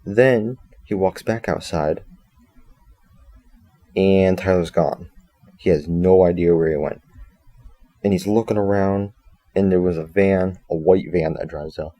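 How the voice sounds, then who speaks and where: A man's voice: low-pitched, a little slow, long pauses, warm tone. A man reviewing a story in a casual, rambling way, reading passages aloud and breaking off with joking asides and self-corrections.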